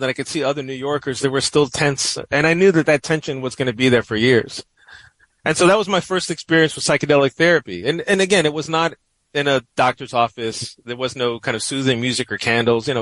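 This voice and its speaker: A man's voice: mid-range voice, fast talker, fairly bright tone, no echo, poor audio. A middle-aged man with a New York accent, telling a personal story as an interview guest in a reflective way, with many "you know" fillers. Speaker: interview guest, professor and writer.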